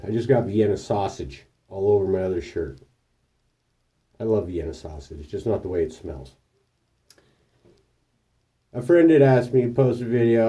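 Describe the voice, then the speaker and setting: A man tells rambling, profane stories straight to the camera, his pitch jumping around as he acts out the people in them. His voice is mellow and relaxed, and he sits a little back from the mic. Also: far from the mic. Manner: profane, rambling anecdotes with animated quoted voices. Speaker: vlogger. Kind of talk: casual storytelling monologue.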